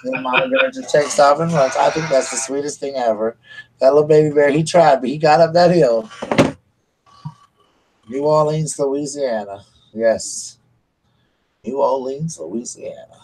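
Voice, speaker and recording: A man's voice: a little high, normal speed, poor audio. A man hosting a casual live stream, rambling and chatting to his viewers. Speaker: livestream host.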